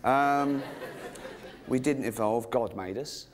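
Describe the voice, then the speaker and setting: An English man doing a stand-up comedy routine, mock-earnest and halting with ums, then breaking into giddy excitement. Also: mid-range voice, some chatter behind, slight background noise. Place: live comedy stage.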